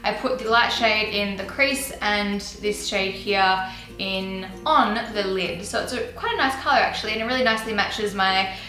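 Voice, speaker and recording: A woman's voice: medium pitch, moderate pace, bright, forceful tone, reverberant, faint music behind, rough recording. A young woman chatting casually and giggling as she shows and tries out makeup on her channel. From Australia. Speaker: beauty vlogger. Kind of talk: casual chat.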